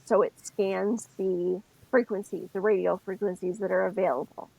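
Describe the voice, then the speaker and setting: Husky middle-aged woman telling a story. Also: medium pitch, steady tone, normal speed, warm tone, dry recording, poor audio. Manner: storytelling, explains step by step. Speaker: podcast co-host. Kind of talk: casual chat.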